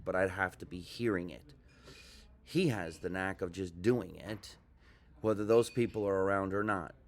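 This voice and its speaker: A male comedian hosting a podcast in a ship lounge, chatting enthusiastically and asking his guest questions. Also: lowish voice. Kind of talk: casual podcast chat. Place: ship lounge before a show.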